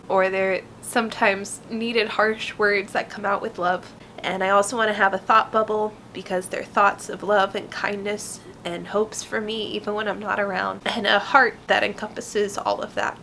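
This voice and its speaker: A woman's voice: mid-range voice, fairly even intonation, moderate pace, vocal fry, bright, forceful tone, slight background noise, poor audio. Earnest woman vlogger chatting about tarot. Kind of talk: casual vlog talk explaining a tarot card.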